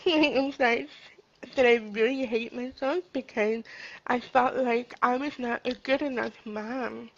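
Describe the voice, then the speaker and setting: A woman in her thirties giving a personal faith testimony, crying and talking in an earnest, halting way. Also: fairly high pitch, fairly even intonation. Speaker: vlogger sharing testimony. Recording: dull lo-fi recording.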